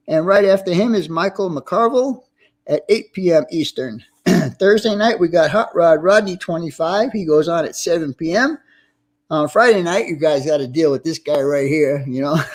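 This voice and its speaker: A man hosting a casual livestream, chatty and reading out viewer names with friendly greetings. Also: a little high. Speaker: livestream host.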